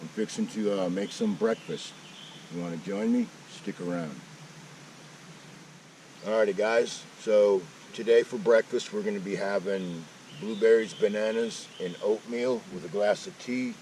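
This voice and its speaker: A man's voice: fairly low pitch, unhurried, darkish tone, recorded from a distance, slight background noise, poor audio. A man casually chatting while cooking breakfast at a mountain campsite, folksy with joking asides. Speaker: outdoor vlogger. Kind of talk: casual camp-cooking vlog.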